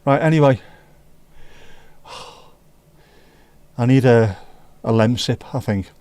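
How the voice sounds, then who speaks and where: A man's voice: medium pitch, extremely slow, darkish tone, no room sound. Chatty Scouse man hosting a stream. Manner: chatty, banters with viewers reading the chat. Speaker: livestream host. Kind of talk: casual livestream chat.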